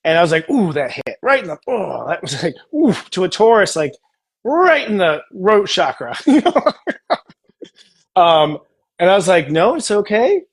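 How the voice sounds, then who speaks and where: Man, astrology host, animated, slightly high voice, casual coaching talk. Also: normal speed, slightly rough. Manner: animated, acts out tender inner dialogue. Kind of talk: casual spiritual coaching chat.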